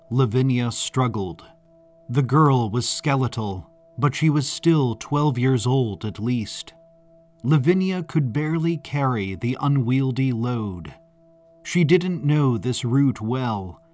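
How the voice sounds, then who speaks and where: Male narrator, unhurried and deliberate, mid-pitched, faint music underneath. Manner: measured, deliberate storytelling. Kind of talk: scripted narration.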